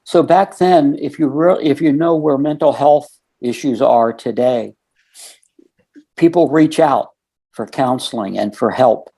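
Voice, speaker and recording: A man's voice: mid-range voice, a little slow, dark tone. A man in his sixties from the United States, a podcast guest telling a long story full of quoted conversations. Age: 60s. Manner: retells conversations with many quoted lines. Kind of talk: storytelling interview.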